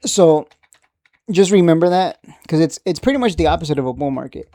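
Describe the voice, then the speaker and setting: A man's voice: a little high, lively intonation, a little fast, warm tone, no echo, clean studio sound. A man teaching a casual lesson on reading stock charts, talking conversationally and often asking "right?". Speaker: trading educator.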